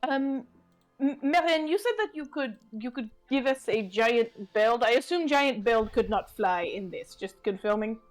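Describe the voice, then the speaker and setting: A woman's voice: fairly high pitch, measured pace, faint music behind. A woman playing in a tabletop game, asking questions casually with small stammers. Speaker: player.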